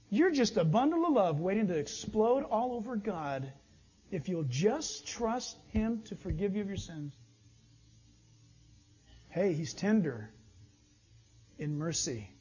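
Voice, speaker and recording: A pastor preaches an animated sermon, his pitch leaping around as he acts out little back-and-forth dialogues. His voice is high and slightly husky, and the audio sounds dull and lo-fi.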